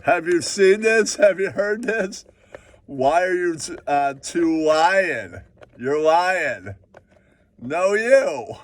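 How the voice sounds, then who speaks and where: A man's voice: on the high side, steady tone, measured pace, distant mic, lightly acted. A man voicing a brash, boastful character who dreams of Hollywood and keeps repeating catchphrases. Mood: mocking. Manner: cocky catchphrase-repeating swagger.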